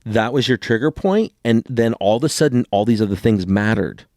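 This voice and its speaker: A man's voice: on the low side, fairly quick, darkish tone, no room sound, studio quality. A man in his forties, a co-host in casual chat, talking bluntly and swearing freely.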